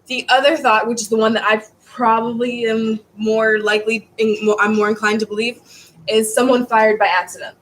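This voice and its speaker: Woman history teacher, rambling casual lecture, slightly high voice, faint hiss behind. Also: fairly even intonation, normal speed, low-quality recording. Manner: rambling, stumbles over words and restarts.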